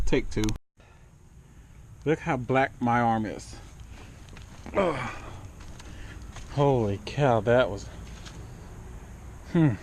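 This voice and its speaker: A man's voice: mid-range voice, a little hiss or hum. A man doing a casual home car repair vlog, exclaiming as he works and chatting to his cat, caught on a camera mic as he moves around. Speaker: DIY car vlogger. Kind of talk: casual talk while working.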